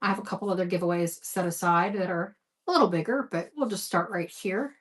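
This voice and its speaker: Selling craft supplies on a live stream, this middle-aged host speaks a little fast in a fairly low-pitched voice. Her chat is upbeat and friendly, and she thanks viewers one by one by name.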